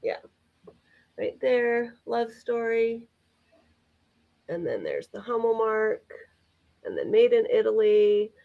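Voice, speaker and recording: A woman's voice: a little high, animated, takes it slowly, vocal fry, long pauses, narrow, tinny audio. A woman co-hosting a live vintage sale, chatting enthusiastically as she describes items. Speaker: vintage seller co-host.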